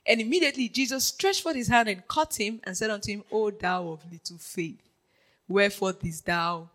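A preacher giving a lively sermon, dropping to a hush and then rising to shouts, laughing often and checking in with the congregation. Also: mid-range voice, normal speed, rough recording. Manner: animated, swings from hushed to shouting, laughs often; keeps checking in with the audience.

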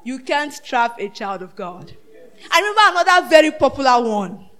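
High-voiced woman preaching dramatically. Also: sing-song, moderate pace, noisy background. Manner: dramatic, swinging between shouted peaks and hushed asides; asks the congregation rhetorical questions. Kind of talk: sermon.

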